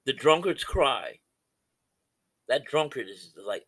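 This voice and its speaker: Middle-aged male podcast preacher, low and forceful, impassioned, loud-to-hushed swings. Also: animated, normal speed. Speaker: podcast host and Christian counselor. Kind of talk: preaching-style podcast talk.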